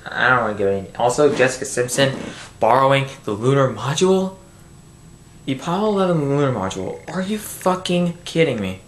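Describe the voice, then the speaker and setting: A man's voice: mid-range voice, a little hiss or hum. Exasperated man ranting through a camera mic. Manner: exasperated, rambling, swears, restarts sentences. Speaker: film reviewer. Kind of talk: angry movie review rant. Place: home room. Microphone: built-in camera microphone. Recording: echoey room, built-in camera mic.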